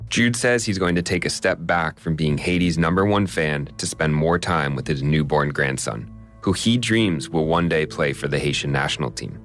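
A man with a very deep, low voice narrating a radio news story. His delivery is measured and composed, with faint music running underneath. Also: fairly bright tone. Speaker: radio reporter.

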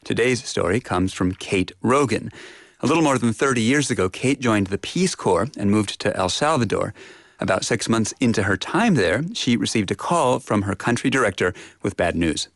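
A man hosting a podcast, reading a calm, measured scripted introduction. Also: on the low side, no echo, clean studio sound. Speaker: podcast host. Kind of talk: scripted narration.

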